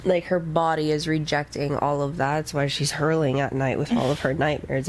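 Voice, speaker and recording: Low-voiced woman co-hosting a book podcast. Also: flat delivery, brisk, few pauses, a little hiss or hum. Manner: chatty, sarcastic asides, laughs often. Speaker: podcast co-host. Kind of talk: casual book-club chat.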